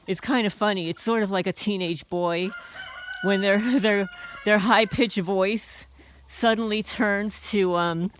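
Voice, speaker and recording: Her voice is medium-pitched and steady, her pace measured, as this woman rambles through an aggrieved, wry walk-and-talk vlog on a small homestead. Roosters crow and hens cluck near the coop, adding slight background noise.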